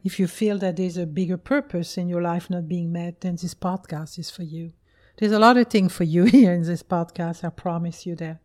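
Soft-spoken French woman, mellow voice. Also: on the low side. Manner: soft-spoken, earnest, repeats words. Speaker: co-host and healer. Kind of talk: casual podcast conversation.

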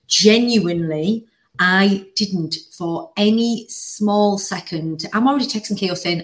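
A woman hosting a podcast, telling a story in an animated, casual way with plenty of "like" and the odd swear word. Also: medium pitch, slow. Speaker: podcast host. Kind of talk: casual chat.

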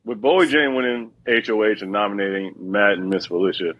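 A man with a low, husky voice working through an analytical point on a video call. He pads his sentences with "like". The audio is dull and lo-fi. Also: no room sound. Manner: measured, analytical, filler "like"s. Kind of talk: casual panel chat on a video call.

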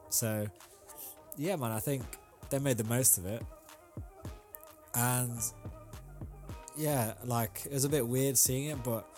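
A young man hosting a casual solo podcast, rambling in a relaxed way with lots of ums and slang. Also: lowish voice. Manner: laid-back, rambling, frequent ums and slang. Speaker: podcast host.

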